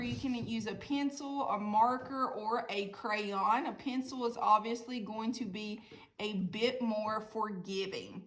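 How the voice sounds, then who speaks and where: A woman's voice: on the high side, fairly bright tone. A woman with a Southern US accent teaching an online art lesson, giving friendly step-by-step directions. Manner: friendly, chatty, step-by-step instructions.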